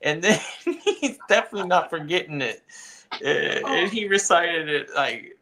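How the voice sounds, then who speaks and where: A man co-hosting a podcast in casual chat, retelling things in an animated, playful way. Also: a little high, measured pace. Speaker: podcast co-host.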